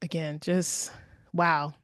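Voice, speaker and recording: Low-voiced woman in casual podcast chat. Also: no echo, clean studio sound. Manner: animated, laughs often, quick asides. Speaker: podcast co-host.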